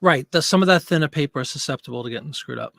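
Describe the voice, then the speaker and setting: A man's voice: on the high side, rapid-fire, vocal fry, a bit bright, dry recording, studio quality. A man hosting a casual live stream, chatting loosely as he reads out viewer comments and answers them. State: out of breath.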